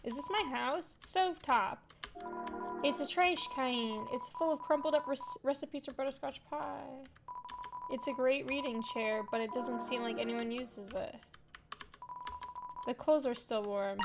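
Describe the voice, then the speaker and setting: A high-voiced woman speaks a little slowly while hosting a let's play. She chats playfully, reads the game text aloud over the game music, and calls her viewers "fam" in this casual gaming commentary.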